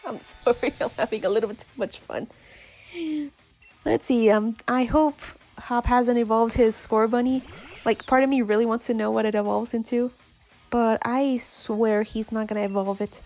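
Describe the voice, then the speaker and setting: A woman's voice: on the high side, steady tone, moderate pace, darkish tone, faint music behind. A woman giving casual, giggly, chatty commentary while playing a video game. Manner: giggly, chatty, self-deprecating. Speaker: let's-play host.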